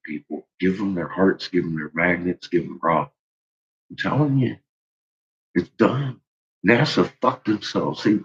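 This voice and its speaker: A man's voice: sits low, breathy edge, highs cut off. A man livestreaming to his chat in a profane, rambling rant, laughing often. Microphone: own microphone.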